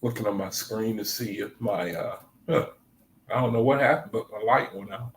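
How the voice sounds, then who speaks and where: A man's voice: fairly low pitch, normal speed, roomy sound, slight background noise, low-quality recording. A man leading a Bible study in a casual livestream talk. He speaks loosely and conversationally, often adding "man," and reads scripture passages aloud between his remarks. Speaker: Bible study group leader. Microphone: desk microphone.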